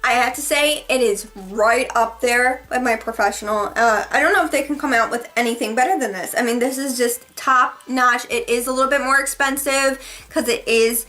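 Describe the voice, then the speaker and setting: A woman's voice: fairly high pitch, normal speed, sharp tone, soft background music. A woman beauty vlogger reviewing her favorite products in a casual, gushing, chatty way, correcting herself as she goes.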